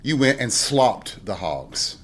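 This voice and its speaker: A man's voice: mid-range voice, big pitch swings, takes it slowly, fairly bright tone. A middle-aged man from Tennessee with a Southern accent, hosting a casual solo podcast and telling folksy stories with chuckling asides. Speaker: podcast host.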